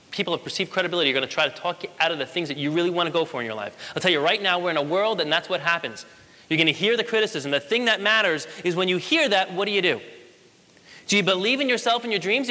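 Here a late-twenties man with a slightly high, pushed and bright voice gives an emphatic motivational speech. He asks rhetorical questions of an audience in a large hall, with long reverb on the recording.

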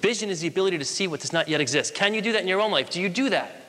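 A man's voice: high voice, animated, very fast, bright, forceful tone. A man in his late twenties giving an emphatic motivational speech to an audience in a large hall, asking rhetorical questions. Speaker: motivational speaker. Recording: long hall reverb.

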